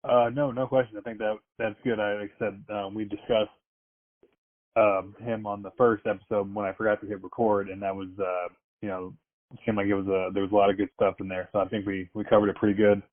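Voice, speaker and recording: A man's voice: on the low side, little pitch movement, a little fast. A man hosting a podcast interview, speaking casually with plenty of hesitations and fillers. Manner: hesitant, filler-heavy questioning. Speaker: podcast host. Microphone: phone. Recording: tinny phone line.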